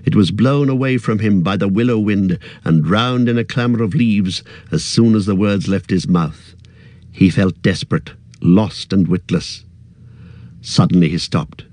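A man reading a fantasy story aloud in a steady, measured narration. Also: lowish voice, no room sound. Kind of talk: audiobook narration.

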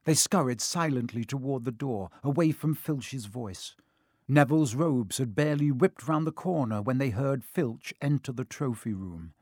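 A man narrating a storybook aloud, expressive and lively, giving the characters their own voices. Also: medium pitch, moderate pace, dry recording, studio quality. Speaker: audiobook narrator.

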